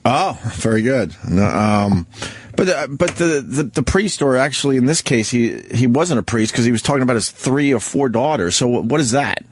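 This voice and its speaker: A man's voice: medium pitch, animated, normal speed, slight background noise. A middle-aged man hosting a radio show, talking bluntly and with lots of swearing in casual banter. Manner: blunt, profane, exasperated.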